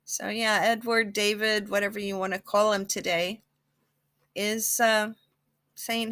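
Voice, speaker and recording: A woman's voice: mid-range voice, level tone, unhurried, a bit bright. A woman who hosts her own psychic channel, chatting casually in a rambling way with many fillers and restarts. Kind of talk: casual chat.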